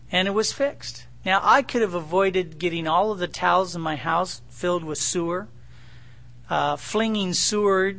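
Bright-voiced, high-pitched male preacher. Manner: conversational, joking, acts out dialogue with God. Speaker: pastor. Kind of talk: sermon.

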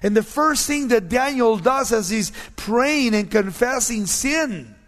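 A man preaching a sermon as a pastor, telling stories animatedly and often dropping to hushed tones. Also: very high voice, lively intonation, slow pace, big-room sound.

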